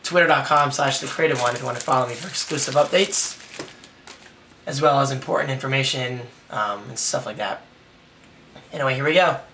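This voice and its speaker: A young man with a hoarse, raspy voice, excitedly rambling through a casual unboxing vlog. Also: medium pitch, a little fast, recorded from a distance, slight background noise. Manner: excited, rambling, self-deprecating. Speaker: tech vlogger.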